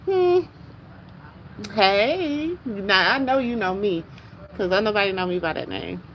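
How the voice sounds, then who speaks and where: A woman vlogger talking casually and emotionally to her viewers, excited and exclamatory, repeating herself often. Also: mid-range voice, normal speed, poor audio.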